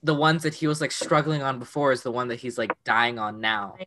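A teenage girl with a low voice talks casually and at length, packing her sentences with fillers. She sometimes slips into singing a line. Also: brisk, fairly bright tone, slight background noise. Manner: chatty, many fillers, breaks into singing lines. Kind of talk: casual chat about a musical.

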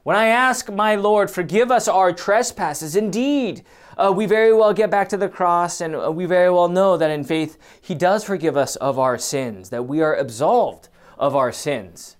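Guy giving a sermon, gets loud and emphatic then drops real quiet, lots of uhs. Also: moderate pace. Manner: swings from loud emphatic preaching to quiet low musing; hesitant, many fillers and restarts. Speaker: preacher.

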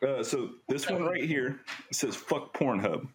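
A man's voice: mid-range voice, expressive, measured pace, slight background noise. A young man hosting a casual podcast chat, telling stories with lots of laughter and swearing. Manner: laughing storyteller, swears freely. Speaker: podcast host.

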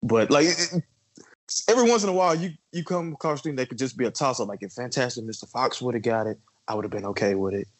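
A man's voice: mid-range voice, fast, poor audio. A man in his twenties co-hosting a casual podcast, telling stories animatedly with casual swearing. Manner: animated storyteller, swears casually, lots of fillers. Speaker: podcast co-host.

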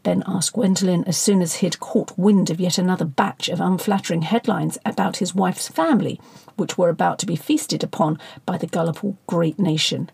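A woman narrating satirical fiction in a wry, sardonic manner. Her voice is gravelly with some fry and a husky edge. The recording is close and dry, with no room sound. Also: lowish voice, moderate pace, a little mellow, no echo. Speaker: audiobook narrator.

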